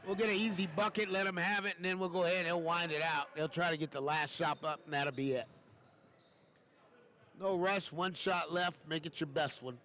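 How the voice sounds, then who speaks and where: High-voiced chatty basketball commentator. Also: male voice, fairly even intonation, normal speed, pushed and bright. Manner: folksy, chatty, repeats phrases. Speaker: play-by-play commentator.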